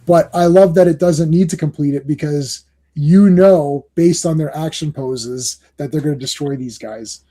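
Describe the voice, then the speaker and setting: A man hosting a comic book podcast in casual chat, excitable and rambling, often laughing and restarting his sentences. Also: a little high, moderate pace.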